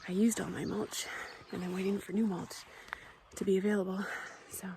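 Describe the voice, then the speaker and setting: A woman giving a casual tour of her home garden, gushing with excitement and often dropping to a soft whisper. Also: medium pitch, brisk, vocal fry, background noise. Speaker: homestead vlogger.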